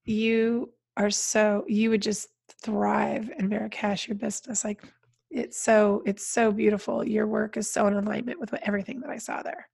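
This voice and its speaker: Hoarse, scratchy-voiced woman podcast host. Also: mid-range voice, flat delivery, moderate pace, darkish tone. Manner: chatty, trailing restarts. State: hoarse from a cold. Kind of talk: casual chat.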